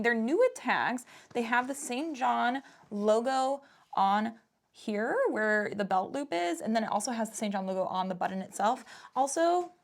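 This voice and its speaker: A young adult woman, chatting casually and upbeat as she shows off her thrift finds. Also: on the high side. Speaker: thrift reseller vlogger. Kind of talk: casual vlog chat.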